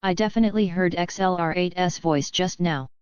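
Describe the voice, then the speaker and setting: A woman's voice: fairly low pitch, normal speed, clear, resonant tone, no room sound, lo-fi sound, close to an everyday voice. A woman voicing an eager young boy with a cold who sniffles between words. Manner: sniffling, grinning. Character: stuffy-nosed eager boy hero.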